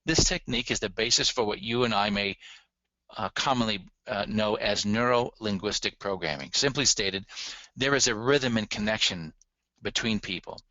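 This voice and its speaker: A man's voice: lowish voice, moderate pace, sharp tone, dry recording, lo-fi sound. A man giving a recorded lecture on relationship communication, earnest and emphatic, speaking straight to his audience.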